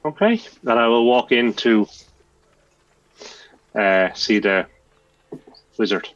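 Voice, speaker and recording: A man's voice: medium pitch, expressive, takes it slowly, lo-fi sound. A man playing in a tabletop game, giving short plain replies. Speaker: player. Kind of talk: casual tabletop play.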